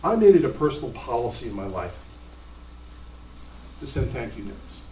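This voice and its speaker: A middle-aged male pastor delivering a sermon, telling stories in an animated, emphatic way with sudden jumps in pitch. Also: moderate pace. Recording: roomy sound from a distant mic.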